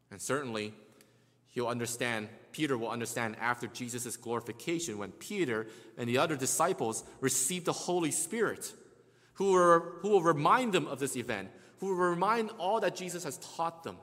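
A man's voice: on the high side, animated, moderate pace, a bit bright. A man preaching a sermon, explaining scripture step by step, often restarting words and acting out the quotes he reads. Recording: long hall reverb.

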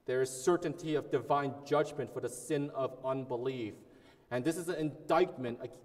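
A man's voice: fairly high pitch, a little mellow. Earnest male preacher in a reverberant hall. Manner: earnest, emphatic preaching with repetition and restarts. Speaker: pastor. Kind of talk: sermon.

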